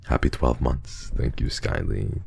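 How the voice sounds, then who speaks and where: A man streaming, chatting casually and reading donations with a halting, stammering, heartfelt manner. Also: a bass voice, steady tone, vocal fry, darkish tone, soft background music.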